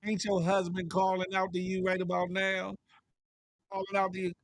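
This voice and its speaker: A man's voice: sits high, little pitch movement, measured pace, creaky, fairly bright tone, dry recording, clean studio sound. A man hosting a casual livestream, reading the chat aloud and teasing viewers with a playful, laughing manner.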